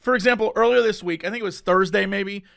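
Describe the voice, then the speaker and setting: A man co-hosting a podcast, telling a story in casual chat with animated swings between loud bursts and mumbled asides. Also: high voice, quick pace, vocal fry, no room sound, studio quality. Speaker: podcast co-host.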